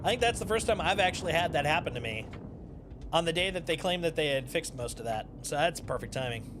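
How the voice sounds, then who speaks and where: A man's voice: a little high, lively intonation, quick pace, background noise. Playful man streaming a space game. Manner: playful, jokey, rambling asides. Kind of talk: casual gameplay commentary. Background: game music.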